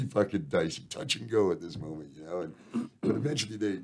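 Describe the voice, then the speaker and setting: Deep-voiced Canadian man telling rambling stories. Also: a little fast, warm tone, slight background noise. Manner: rambling, profane, uses "eh". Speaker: band member guest. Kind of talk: casual storytelling interview.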